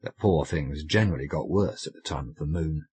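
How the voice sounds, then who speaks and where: Husky low-voiced man reading a ghost story. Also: fairly quick, darkish tone, dry recording. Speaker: audiobook reader. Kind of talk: audiobook narration.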